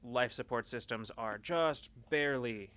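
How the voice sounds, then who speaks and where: A man running a tabletop game as game master, narrating scenes in a loose, halting way with lots of fillers. His voice is bright and forward, pitched in the middle.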